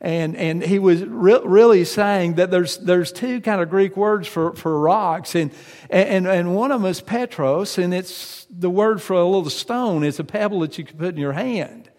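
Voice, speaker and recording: A man's voice: high-pitched, normal speed, darkish tone. Man preaching a sermon in a reverberant hall. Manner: hesitant with frequent uh fillers, rising to emphatic preaching. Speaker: pastor.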